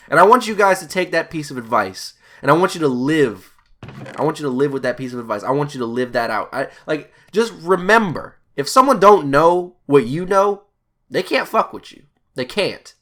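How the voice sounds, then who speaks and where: A man's voice: mid-range voice, expressive, moderate pace, a bit bright. A young man telling a rambling, profane story in casual chat while playing a video game. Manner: rambling, swearing, laughing asides. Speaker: gaming YouTuber.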